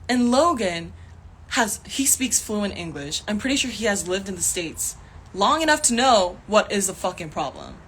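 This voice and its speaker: A young woman, an actor, rants casually into her phone on a livestream, angry and heated, swearing often and laughing in frustration. Her voice is fairly high and fairly bright, with a slight roughness.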